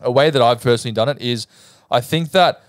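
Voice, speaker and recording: Young Australian male co-host, quick delivery, animated storyteller. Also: medium pitch, no echo, clean studio sound. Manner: explains points step by step, animated storytelling. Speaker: podcast co-host. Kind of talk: casual podcast chat.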